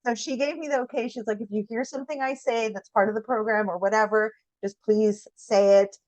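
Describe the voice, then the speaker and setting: A woman co-host in a casual spiritual chat, speaking gently and affectionately, with easy laughter. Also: on the high side, fairly even intonation, fairly quick, no room sound.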